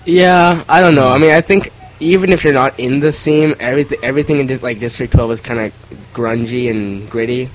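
A man's voice: mid-range voice, brisk, poor audio. A man in a casual group chat, talking in an easygoing way with fillers.

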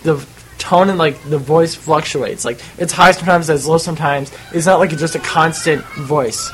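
Casual man with a slightly high voice. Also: normal speed, breathy edge, low-quality recording. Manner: relaxed, chatty, hesitant. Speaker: podcast co-host. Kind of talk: casual group chat.

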